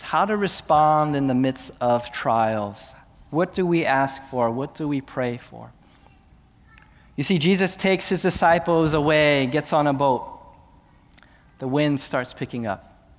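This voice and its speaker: A man preaching a sermon as pastor, moving between hushed, slow passages and raised, urgent questions. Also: a little high, long reverb tail.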